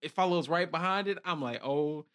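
Animated high-voiced man telling stories. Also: moderate pace. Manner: animated storytelling, acts out quotes in changing voices. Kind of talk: casual chat.

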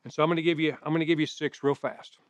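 A middle-aged pastor preaching a sermon in a conversational way, mixing scripture with personal stories. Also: male voice, fairly high pitch, fairly even intonation, racing, no room sound, muffled recording.

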